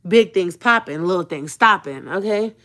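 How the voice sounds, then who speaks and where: A woman vlogger telling a personal story to her live viewers, dramatic and animated, punctuating lines with an emphatic "okay?" and calling them sis. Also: fairly low pitch, moderate pace. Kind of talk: emotional personal storytime chat.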